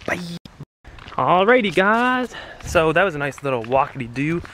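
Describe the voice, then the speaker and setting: A man's voice: on the high side, sing-song, moderate pace, pushed and bright. Young man, playful vlog chatter, handheld camera, outdoor traffic noise. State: a bit out of breath at times. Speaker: vlogger. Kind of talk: casual vlog chat. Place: outdoors on a hike and on city streets.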